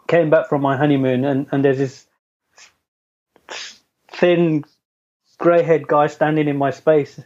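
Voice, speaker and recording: A man's voice: fairly high pitch, darkish tone. Chatty man with a dull lo-fi sound. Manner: chatty, self-deprecating, laughs often. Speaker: interview guest. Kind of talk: casual storytelling. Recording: dull lo-fi audio.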